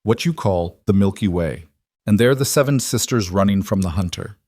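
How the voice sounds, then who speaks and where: A quiet, serious frontier man with a soft, low voice, read by a male narrator. The recording is close and dry. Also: expressive, moderate pace, no echo. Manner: soft, grave.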